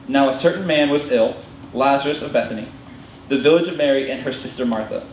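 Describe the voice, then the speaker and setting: A young man preaching a storytelling sermon in a worship hall, animated and given to interrupting himself and acting out family members. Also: medium pitch, a little hiss or hum. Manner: animated, self-interrupting storyteller who acts out family voices. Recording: echoey hall, heard from a distance, faint ambience.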